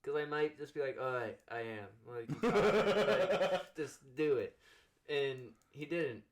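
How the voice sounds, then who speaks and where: A young man hosting a relaxed chat show, winding through a story and slipping into the voices of the people in it. He leans on fillers and restarts as he talks. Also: a little high, a little slow. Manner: rambling anecdote full of "like" fillers, acting out quoted dialogue. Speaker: podcast host.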